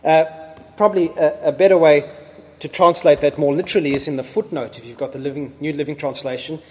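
A man preaches with a high, bright-edged voice. He is emphatic and animated, pressing his points until he is nearly shouting. A long reverb from the church hall trails after each phrase. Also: fast talker, slight background noise. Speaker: pastor. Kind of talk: sermon.

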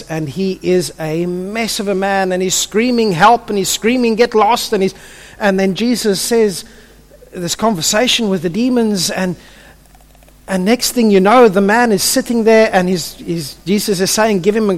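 High-voiced preacher, echoing hall. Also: male voice. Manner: stammering restarts, vivid storytelling. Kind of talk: sermon. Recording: long hall reverb.

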